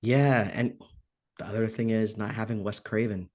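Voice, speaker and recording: A man's voice: on the low side, fairly even intonation, normal speed, a little mellow. A man in a casual horror podcast chat, talking thoughtfully with loose filler words.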